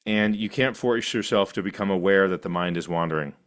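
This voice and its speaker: A middle-aged man teaching a meditation class, animated and laughing often, with playful asides. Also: sits low, a little fast.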